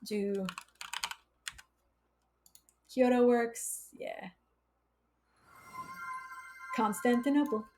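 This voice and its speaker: A woman's voice: on the high side, moderate pace, pauses often, background noise. A woman hosting a casual live coding stream, chatty and laughing often as she reads chat aloud. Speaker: livestream coding instructor.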